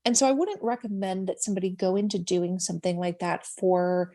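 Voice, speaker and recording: A woman's voice: lowish voice, brisk, dark tone. A woman with a Minnesota accent, chatting earnestly as an interview guest and laughing easily over a video call. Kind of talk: casual interview chat.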